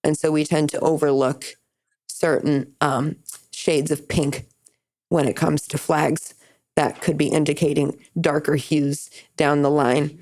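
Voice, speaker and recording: A woman's voice: level tone, unhurried, darkish tone. Candid, rambling young woman storyteller. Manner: candid, rambling storytelling with big pitch jumps for quoted voices. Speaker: podcast host. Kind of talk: casual chat.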